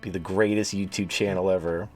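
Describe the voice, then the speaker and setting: A man's voice: deep voice, little pitch movement, fairly quick, a little mellow, faint music behind. A man hosting a livestream, talking in a crude, rambling, sarcastic way. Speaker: host. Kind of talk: casual livestream talk.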